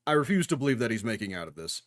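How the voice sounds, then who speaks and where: A man's voice: medium pitch, very animated, very fast, dry recording, clean studio sound. A young man giving casual reaction commentary while watching anime, talking back to the screen with jokes and swearing.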